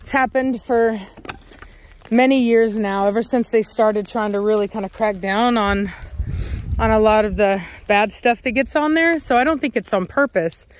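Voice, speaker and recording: A woman's voice: mid-range voice, normal speed, a little hiss or hum. A woman dog breeder with a Texan accent, chatting casually outdoors and cooing baby talk at her dogs.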